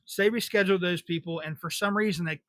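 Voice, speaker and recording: A man's voice: sits high, fast talker, a bit bright, no room sound. Blunt, cursing young man telling stories. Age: 20s. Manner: profane, blunt, wry. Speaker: podcast host. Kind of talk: casual storytelling.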